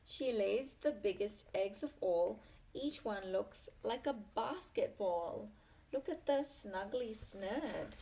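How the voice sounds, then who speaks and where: A woman's voice: medium pitch, lively intonation, slow, warm tone. A woman reading the lines of a sly, tricky farm goose in a picture book, sounding matter-of-fact.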